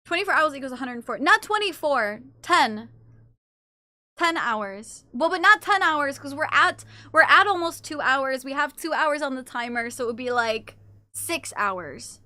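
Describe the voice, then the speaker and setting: A young adult woman streaming live, chatting casually with her chat. She teases and swears and reacts quickly to what chat says. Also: high voice, lively intonation, sharp tone, dry recording. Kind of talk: casual livestream chat, reading and answering chat.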